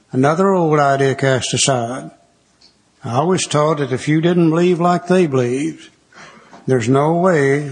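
Older man, earnest and husky. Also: on the high side. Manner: earnest, repeats refrains, reads text aloud. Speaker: recovery speaker. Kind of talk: teaching talk on a recovery book.

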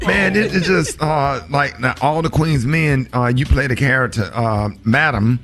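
A man hosting a morning radio show, animated, his pitch jumping high when he jokes. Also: measured pace, soft background music.

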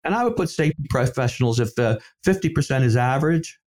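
A middle-aged man talking through stories in a relaxed interview, his pitch swinging up and down with lots of life. He acts out the voices in the dialogue he quotes. His voice sits at an ordinary middle pitch. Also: fast talker. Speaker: safety professional and seminar speaker. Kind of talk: conversational interview storytelling.

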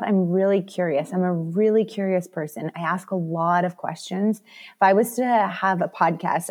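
A woman talking as a podcast guest, telling candid stories and acting out the voices of the people in them. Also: lowish voice. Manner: animated storyteller who acts out quoted voices. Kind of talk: candid conversational interview.

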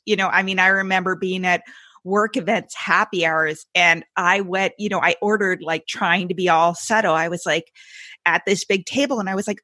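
A woman podcast host chatting casually and telling an animated story. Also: medium pitch, dry recording. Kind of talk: casual chat.

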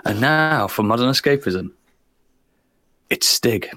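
A man hosting a podcast, introducing segments in casual chat, quick to heckle and laugh. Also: medium pitch, animated, sharp tone, dry recording, clean studio sound. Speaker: podcast host.

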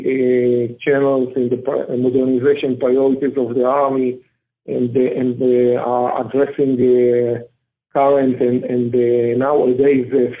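A man's voice: medium pitch, phone-quality sound. A man with an Israeli accent, a company chief executive, speaking hesitantly with many fillers in an interview clip.

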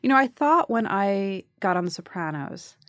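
A woman's voice: medium pitch, very animated, normal speed, fairly bright tone, no echo. A woman spins a story in casual conversation. Her voice sits in the middle range and jumps up when she acts out quotes. The sound is dry and close. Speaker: guest.

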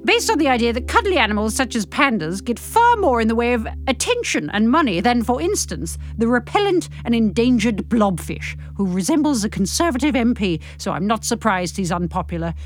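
A sardonic woman reads from her own comic book, breaking off for wry, self-mocking asides. Her voice sits fairly high and bounces lively up and down. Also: fairly quick, few pauses, a little hiss or hum. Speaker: podcast host reading her book.

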